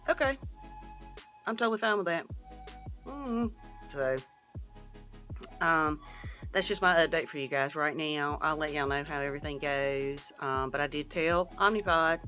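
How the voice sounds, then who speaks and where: Middle-aged woman, blunt vlogger, bright lowish voice, faint music bed. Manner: candid, venting, swears freely. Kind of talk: casual vlog update.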